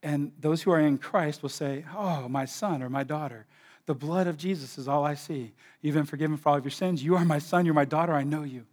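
A pastor preaches a sermon, swinging between hushed, slow passages and loud, excited stretches where he acts out imagined voices and repeats his words. His voice is a little high.

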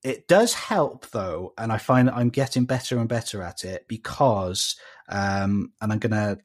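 A man's voice: lowish voice, animated, a little slow. A man with a South Welsh accent, a guest on a casual podcast, talking with many fillers and restarts. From Wales.

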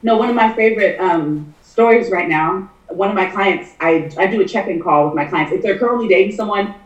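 A woman's voice: medium pitch, brisk, highs cut off. A woman speaking as a matchmaker guest in a casual podcast chat, earnest and emphatic, repeating key phrases. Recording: echoey room, distant mic.

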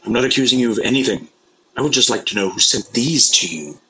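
A man's voice: mid-range voice, expressive, fast talker, bright, forceful tone, slight background noise, low-quality recording. A man playing a bewildered, paranoid husband. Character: paranoid, confused husband in a skit. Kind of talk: scripted sketch acting.

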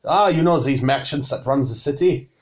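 A man's voice: medium pitch, racing, lightly acted. A man voicing a snooty male tavern keeper, with a broad, wobbly fake foreign accent and a haughty, formal manner. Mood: gossipy.

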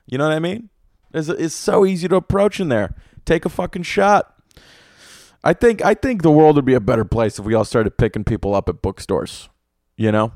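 A man's voice: on the high side, moderate pace, no echo. A young man hosting a solo podcast, telling a rambling comedic story full of swearing in a close, dry sound. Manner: profane, animated storytelling with lots of swearing. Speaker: podcast host. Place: room with an air conditioner.

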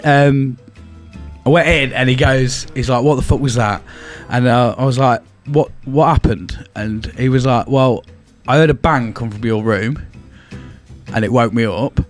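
Bloke, casual podcast storyteller, swears a lot, acts out quotes, faint music under him. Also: male voice, medium pitch, a little slow. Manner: swears freely, animated retelling with voiced quotes. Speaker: podcast co-host. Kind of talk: casual storytelling among friends.

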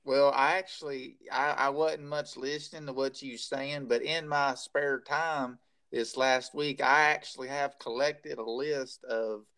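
A man's voice: mid-range voice, fairly even intonation, a little slow, pushed and bright. A man co-hosting a podcast, bantering in a dry, teasing way. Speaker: podcast co-host. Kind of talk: casual chat.

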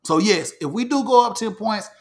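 A man hosting a casual sports talk show, animated, repeating himself and restarting phrases as he makes predictions. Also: high-pitched, normal speed. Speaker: podcast host.

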